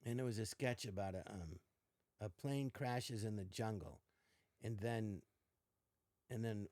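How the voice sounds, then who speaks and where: Older man telling animated show stories. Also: on the low side, unhurried, no echo. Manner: animated, acts out quotes in varied voices. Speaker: podcast guest. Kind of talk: casual storytelling chat.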